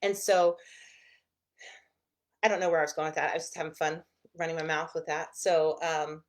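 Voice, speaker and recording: A woman therapist with a slightly low-pitched voice explains ideas in loose, casual teaching talk. She is expressive and keeps slipping into little acted-out inner voices to make her point. Her delivery stays conversational and unscripted throughout. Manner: expressive, acts out inner voices in quick asides.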